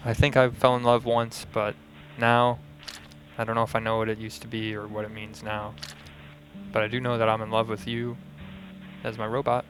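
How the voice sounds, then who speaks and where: A man's voice: on the low side, monotone, normal speed, fairly bright tone, slight background noise. A man co-hosting a comedy call-in show, talking in a playful, mock-earnest way. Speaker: co-host. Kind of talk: comic improv call-in.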